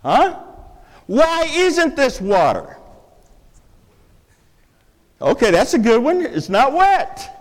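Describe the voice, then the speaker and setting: A man's voice: extremely high pitch, huge pitch swings, slow, pauses often, in a large hall. A man preaching an interactive sermon to a live congregation in a church, quizzing listeners with playful questions. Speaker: pastor. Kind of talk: interactive sermon with object lessons.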